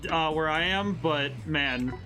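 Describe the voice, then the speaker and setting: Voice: medium pitch, measured pace. A game streamer from the northern United States giving casual, bemused let's-play commentary, giggling and talking back to the characters. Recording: game music playing clearly underneath.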